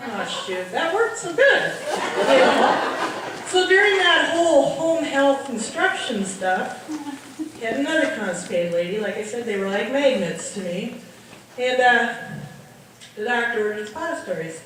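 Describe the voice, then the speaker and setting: A woman's voice: high voice, measured pace, crowd noise. A middle-aged woman tells nursing stories as stand-up comedy, acting out the people in them. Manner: animated, acts out voices of people in her stories. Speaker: nurse telling comic stories. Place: party hall, heard from far off. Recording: distant echoey hall recording with noise.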